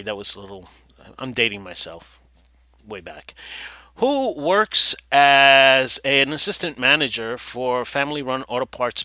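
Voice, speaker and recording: Sarcastic man with a sharp, bright voice. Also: medium pitch, dry recording. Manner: sarcastic, digressive, bursts into loud mock voices. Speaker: podcast host. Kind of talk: reading an article with commentary.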